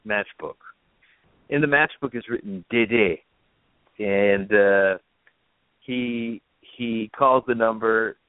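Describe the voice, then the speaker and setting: A man's voice: fairly low pitch, slow, pauses often, dry recording. A man casually retelling a film's plot in a rambling, filler-heavy way, as a podcast host. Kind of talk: casual film recap chat. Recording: tinny phone-like line.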